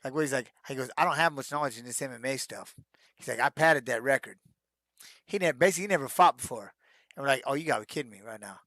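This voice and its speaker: A middle-aged man, a retired fighter, answering fan questions in a casual live-stream chat, telling stories and acting out shouted quotes. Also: medium pitch, fast talker, no echo, clean studio sound. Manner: animated storyteller who acts out shouted quotes, peppered with "man".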